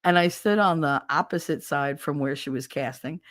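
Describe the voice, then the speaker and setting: Animated, foul-mouthed middle-aged woman storyteller. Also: low voice, moderate pace, no room sound, clean studio sound. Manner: animated, profane, mimics others in squeals. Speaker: stream host. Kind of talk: casual storytelling.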